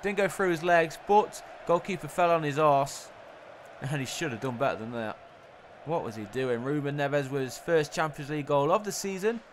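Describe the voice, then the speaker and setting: A young man commentating his own football video game in the style of a sportscaster, getting loud and excited at the goals. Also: on the high side, moderate pace, slight background noise. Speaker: gaming YouTuber.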